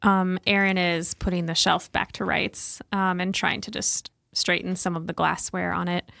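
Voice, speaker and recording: A woman in a tabletop game who describes her character's actions in a dry, matter-of-fact way. Her voice is low and gravelly, and it is recorded close and dry with no room sound. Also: little pitch movement, moderate pace, a bit bright, dry recording. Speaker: player. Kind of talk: tabletop role-play, narrating her character.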